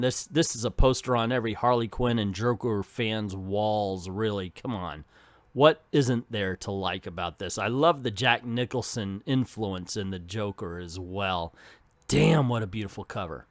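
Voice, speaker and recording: A man's voice: medium pitch, dry recording. A man hosting a casual comic book review, talking in a chatty, enthusiastic way with asides.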